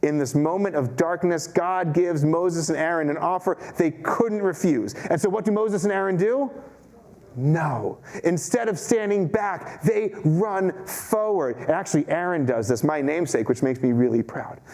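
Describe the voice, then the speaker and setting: Storytelling rabbi, a man, slightly high. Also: moderate pace, darkish tone. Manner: storytelling, self-mocking, acts out quotes. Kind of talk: sermon. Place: synagogue chapel.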